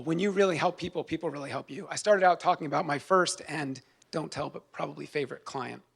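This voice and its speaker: Gravelly-voiced man giving heartfelt speech. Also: a little high. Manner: earnest, heartfelt storytelling with light humor. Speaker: award recipient, public defender. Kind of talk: award acceptance speech. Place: event hall.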